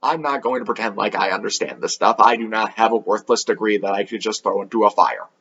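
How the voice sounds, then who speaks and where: A man's voice: on the low side, fast talker, creaky, a bit bright, husky, highs cut off. A man hosting a comedic anime review show, sarcastic and swearing freely.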